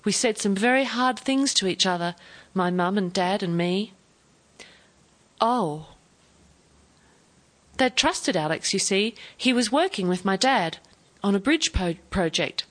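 A woman's voice: medium pitch, animated, unhurried, fairly bright tone, pitched above the performer's own voice. A woman voicing an ambitious young English wife who talks eagerly and then defiantly.

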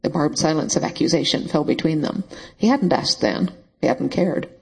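A man narrating a novel in a steady, even storytelling voice. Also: fairly high pitch, normal speed, vocal fry, breathy edge, low-quality recording. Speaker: audiobook narrator. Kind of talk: scripted narration.

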